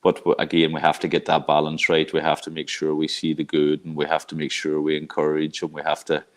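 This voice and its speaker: A man's voice: rumbling low, completely flat delivery, fairly quick. A middle-aged man from Ireland, a college coach, talking things over reflectively with lots of fillers and restarts. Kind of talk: casual interview talk.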